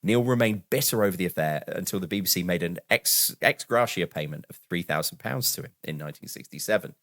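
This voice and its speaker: A man co-hosting a podcast, reading background notes aloud in a casual, animated way and laughing now and then. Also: low voice, quick pace. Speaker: podcast co-host.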